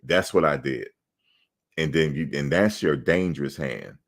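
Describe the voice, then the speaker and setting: A middle-aged man with a very low, deep voice tells casual, animated stories. He gets loud and emphatic, swears freely and acts out the other people in his stories. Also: a little slow, creaky. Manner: loud, emphatic, profane, acts out quoted exchanges. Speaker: sports show host.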